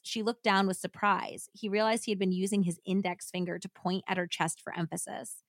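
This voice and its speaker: Woman podcast host reading true crime out loud, dry close mic, kinda dramatic. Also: mid-range voice, flat delivery, brisk, few pauses, no echo. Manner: reads aloud with acted dialogue, then chats and jokes. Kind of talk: dramatic reading with casual commentary.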